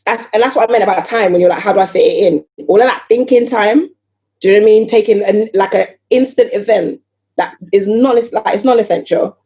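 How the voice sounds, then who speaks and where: A woman talking as a podcast guest in casual conversation. She is animated, fires off rhetorical questions and acts out other people's voices. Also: medium pitch. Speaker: guest entrepreneur.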